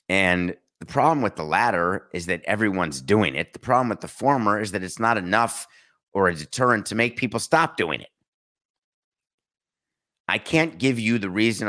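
A man's voice: sits low, bright, forceful tone. A man hosting a sports talk show, delivering an opinionated monologue full of rhetorical questions and sarcasm.

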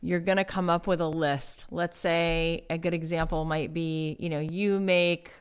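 Female co-host, low smooth voice, talks through examples. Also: level tone, a little slow. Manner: explains with examples, asks questions. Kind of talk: casual conversational chat.

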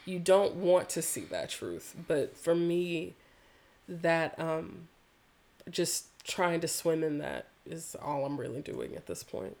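Woman, from the American South, lowish voice, earnest, reflective, interview storytelling. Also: animated, slow pace, gravelly, darkish tone. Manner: reflective, earnest, casual swearing. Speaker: yoga practitioner guest.

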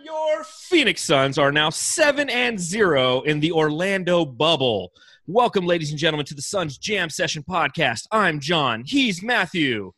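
A man hosting a sports podcast, full of hype and jokes. His voice is bright and forceful, recorded close and dry with no room sound. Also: fairly high pitch, unhurried, no room sound. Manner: energetic, joking, hypes the team. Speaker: podcast host. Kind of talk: casual sports podcast chat.

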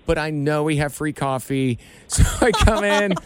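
A man hosting a radio show, bantering in a jokey way with quick interjections. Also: a little high, lively intonation, crowd noise. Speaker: radio host. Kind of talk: casual radio chat.

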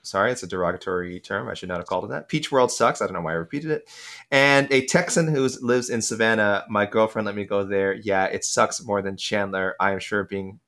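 A young man co-hosting a casual sports podcast, reading out listener picks quickly with lots of fillers and restarts. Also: on the low side, fairly bright tone. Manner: quick, rambling, self-interrupting with many fillers.

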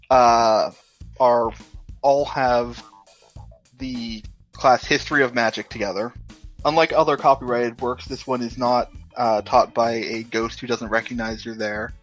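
A man hosting and running a tabletop role-playing game online, talking casually with frequent pauses and fillers. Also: medium pitch. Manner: relaxed, hesitant with many uhs. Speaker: game master and host. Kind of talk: casual actual-play narration.

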